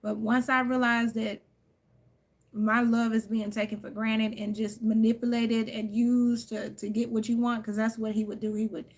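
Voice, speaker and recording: A woman's voice: on the high side, level tone, normal speed. A woman tarot reader in a casual, candid chat, speaking emphatically and calling her listeners "y'all" and "honey.".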